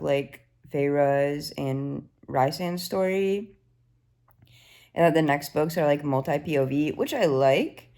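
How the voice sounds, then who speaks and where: Low-voiced young woman, excitable book vlogger. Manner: excitable, swears freely, gushing reactions. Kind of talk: casual reading vlog updates.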